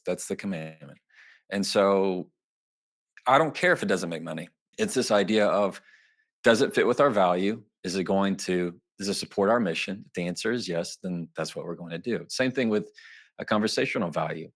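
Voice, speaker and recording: A lower-pitched man speaks as a guest on an interview podcast. He talks in a relaxed, conversational way and jumps into lively voices whenever he acts out what people say. His delivery stays animated and easygoing. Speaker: trial attorney and author, guest.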